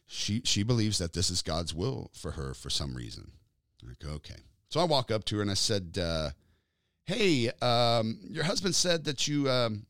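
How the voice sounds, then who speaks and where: A male preacher with a lively, swooping delivery, telling stories and mimicking the voices in them. The sound is dry and close, with no room around it. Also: fairly low pitch, no echo. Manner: animated storytelling, acting out quoted voices. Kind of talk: sermon.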